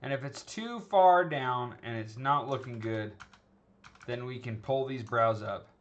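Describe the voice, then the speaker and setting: A man of ordinary pitch talks through an animation lesson at his desk, loose and chatty, tossing in "okay?" and "right?" as he goes. Faint keyboard clicks sit quietly behind him. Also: unhurried, dull audio, a little hiss or hum. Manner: conversational, frequent "okay?" and "right?" check-ins, self-correcting restarts. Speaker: animation instructor. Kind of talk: screen-recorded tutorial, casual teaching.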